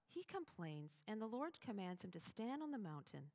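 A woman's voice: medium pitch, a little fast, hardly any pauses. Chatty woman giving a devotional talk. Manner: chatty, animated, with sudden loud emphasis. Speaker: devotional speaker. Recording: long hall reverb.

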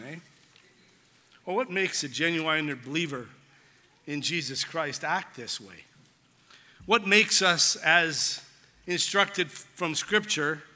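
A man's voice: a little high, sharp tone. A man preaching a sermon as pastor, earnest and telling a story with quoted voices. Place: church hall. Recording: long church hall reverb.

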